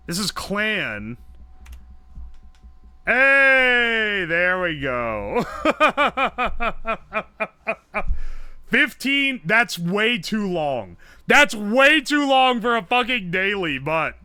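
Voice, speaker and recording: A man's voice: high-pitched, big pitch swings, takes it slowly, bright, forceful tone, no echo. A young man streaming live, swearing, joking and thinking aloud as he guesses. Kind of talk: casual livestream commentary.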